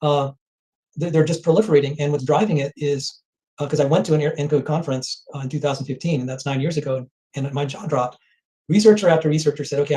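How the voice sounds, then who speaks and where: A man speaking as an interview guest, telling anecdotes in a rapid flow and often repeating words. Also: medium pitch, warm tone, low-quality recording. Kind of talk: conversational interview.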